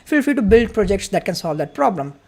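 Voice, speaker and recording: A man hosting a live-streamed event welcome. He talks quickly and excitedly, greets viewers from the chat, and chats freely. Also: high voice, gravelly. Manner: excited, fast-talking, chatty. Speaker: livestream host.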